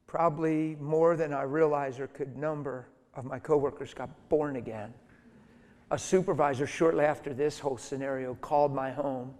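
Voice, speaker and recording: A middle-aged man preaching through a personal story, animated and emphatic, acting out the voices of the people in it. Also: on the high side. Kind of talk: storytelling sermon. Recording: long hall reverb.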